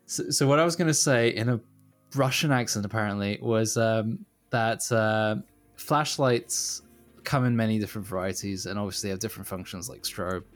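A man's voice: lowish voice, moderate pace, soft background music. A man co-hosting a casual podcast, rambling and self-deprecating, laughing often. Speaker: podcast co-host.

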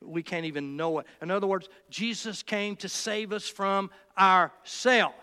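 A man's sermon echoes with the long reverb of a big hall. His smooth, resonant voice is bright and forceful yet unhurried, soaring upward each time he presses a point, and he frequently breaks off and restarts phrases as his impassioned message gathers strength.

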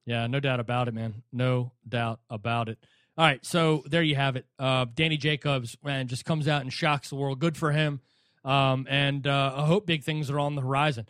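A man co-hosting a casual boxing podcast, animated and quick to laugh as he mocks how names get pronounced. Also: mid-range voice, clean tone, no echo, clean studio sound. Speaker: podcast co-host.

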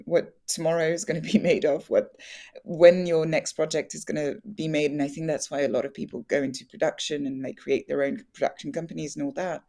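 A woman's voice: deep voice, vocal fry, warm tone. A young woman, an actress, talking candidly in an interview, chatty, laughing often and full of fillers and restarts.

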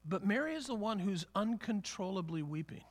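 High-voiced man preaching conversationally. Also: expressive, moderate pace. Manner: conversational, repeats and restarts, acts out quotes. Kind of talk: sermon.

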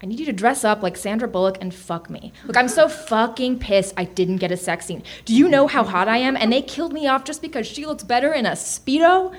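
A woman's voice: a little high, lively intonation, a little fast, few pauses, lightly acted. A woman voicing a vain, pushy male movie star in a genie costume, read live in a noisy venue.

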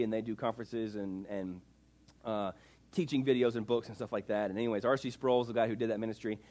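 A man's voice: mid-range voice, darkish tone. A man preaching a sermon in a casual, emphatic way, full of rhetorical questions. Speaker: pastor.

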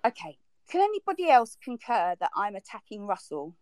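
A woman's voice: medium pitch, sing-song, a little fast, a little mellow, no room sound. A woman in a heated online group argument, exasperated and defensive, her voice leaping up when she is upset. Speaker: participant in a social audio chat.

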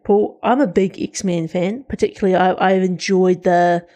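Chatty woman with a mellow voice. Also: lowish voice, steady tone, normal speed. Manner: enthusiastic, chatty, many restarts. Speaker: podcast co-host. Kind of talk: casual pop-culture chat.

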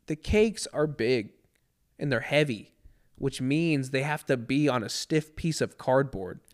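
Man, casual podcast host, mid pitch, laughing, slangy, animated. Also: measured pace. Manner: laughs often, says "bro" and "dude" a lot, animated. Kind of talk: casual chat.

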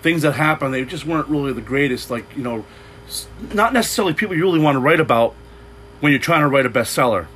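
A man's voice: medium pitch, animated, fast talker, fairly bright tone, slight background noise, rough recording. A man preaching an unscripted sermon, loose and rambling, with frequent restarts and repeated words. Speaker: pastor.

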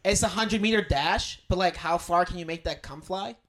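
A man's voice: high-pitched, a little fast, fairly bright tone. A young man co-hosting a podcast, rambling through stories in casual chat and laughing often. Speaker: podcast co-host.

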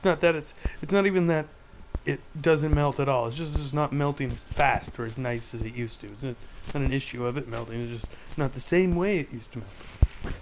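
A man's voice: mid-range voice, fairly quick, a little hiss or hum, rough recording. A man hosting a casual podcast, ranting sarcastically about news headlines with a rambling, filler-heavy delivery. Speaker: podcast host.

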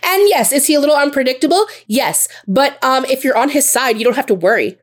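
A woman co-hosting a casual podcast, swearing freely and acting out characters in quick impressions as she recaps a TV show. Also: high voice, lively intonation. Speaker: podcast co-host.

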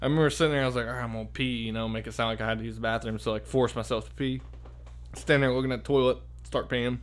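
This long, rambling tale comes rapid-fire from a man with a medium-pitched, fairly even voice. He curses freely and keeps filling gaps with "dude" and "like."

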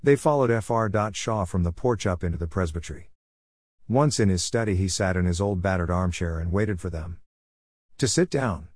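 Man, storyteller, low voice, wry steady reading, dry close sound. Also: moderate pace, dry recording.

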